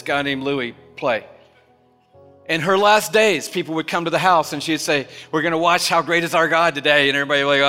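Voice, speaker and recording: A man preaches in a large church, his high, bright voice ringing through the long reverb of the hall. He tells a story quietly, then builds to loud, impassioned declarations. Soft music plays underneath. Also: fairly quick. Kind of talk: sermon storytelling.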